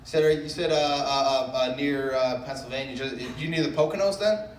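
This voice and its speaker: A stand-up comedian from the Boston area works a club crowd with loose, self-mocking riffs. His voice sits at a middle pitch and is picked up from some distance. The room is echoey, with a faint buzz of ambience behind him. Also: moderate pace, slight background noise. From Brookline, Massachusetts.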